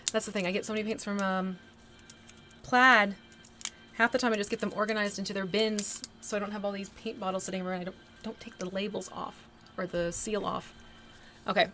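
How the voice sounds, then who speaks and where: Chatty woman painting on a livestream. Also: mid-range voice. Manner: chatty, thinking aloud, answering chat with bursts of excitement. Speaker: livestream host painting a miniature. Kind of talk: casual livestream chat while painting. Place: home art desk near an air conditioner.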